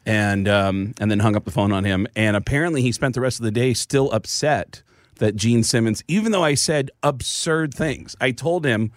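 Lively, fast-talking male comedian. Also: medium pitch, no room sound, studio quality. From the Bronx, New York. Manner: lively, fast, slips into voices mid-story. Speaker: comedian and voice actor guest. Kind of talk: animated storytelling chat.

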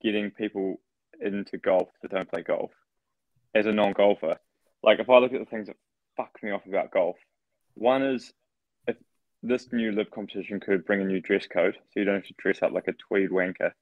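A man's voice: on the low side, moderate pace, no room sound. A man co-hosting a podcast, ranting in a casual, sweary way. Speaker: podcast co-host. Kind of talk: casual chat. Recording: dull dry sound.

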